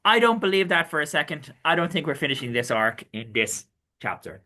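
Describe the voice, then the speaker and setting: A playful man chats and banters as a podcast co-host. His voice is bright and lively, and his pitch swings a lot. He reads a comic aloud and drops into character voices. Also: a little fast. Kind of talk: casual chat.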